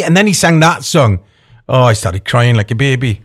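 Male radio host, rambling, gushing, self-mocking, lively sing-song delivery. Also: medium pitch, moderate pace. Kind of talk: comic radio presenting.

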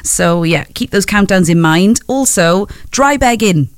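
A woman's voice: medium pitch, expressive, unhurried, no room sound. Chatty woman radio presenter, dry studio. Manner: chatty, laughs easily, rambling asides. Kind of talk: breakfast radio chat. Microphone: studio microphone.

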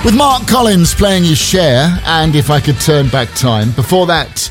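A man's voice: fairly high pitch, animated, a little slow, faint music behind. A male radio presenter doing breezy, playful chat between songs on a morning show.

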